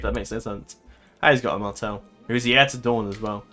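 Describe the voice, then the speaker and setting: A man's voice: lowish voice, steady tone, brisk, pushed and bright, faint music behind. A man giving casual let's-play commentary, thinking aloud in a rambling way, swearing and laughing easily. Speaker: gaming commentator.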